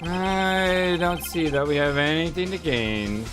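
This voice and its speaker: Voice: medium pitch, takes it slowly, music in the background, natural voice. A player reading as a cool, formal prosecutor. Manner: formal and curt.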